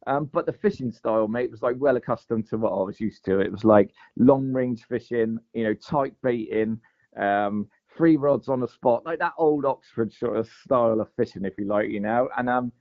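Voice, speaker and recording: Male guest, casual rambling storyteller, mid pitch, muffled recording. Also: normal speed. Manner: rambling, lots of fillers and "mate". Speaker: guest angler. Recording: dull lo-fi podcast audio.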